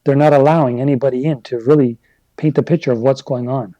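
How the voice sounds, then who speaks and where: A man's voice: mid-range voice, steady tone, quick pace, warm tone, dry recording, lo-fi sound. A man from Canada hosting a casual livestream, reading viewer chat and rambling into heated rants. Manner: conversational, rambling, gets worked up into rants.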